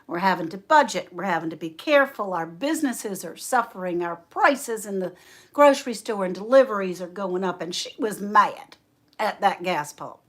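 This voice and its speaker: A woman hosting a homestead livestream, telling a story in a folksy, animated way. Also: mid-range voice. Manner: slow, folksy, animated storyteller who laughs often. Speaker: homestead channel host.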